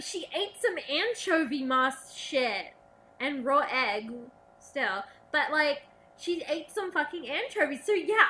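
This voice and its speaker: A young woman rants casually into the camera, profane and sarcastic. Her voice sits high and bright, and a faint hiss runs underneath. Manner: profane, sarcastic, animated ranting with mocking quoted voices. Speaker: vlogger.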